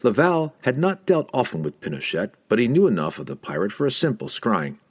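A man narrating a fantasy audiobook in an expressive, steady storytelling manner. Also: mid-range voice, brisk, slightly rough.

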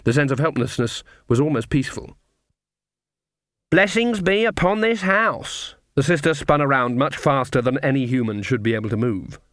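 A man narrating a fantasy novel at a measured, even storytelling pace. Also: medium pitch, no room sound, clean studio sound. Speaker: audiobook reader. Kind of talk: scripted narration.

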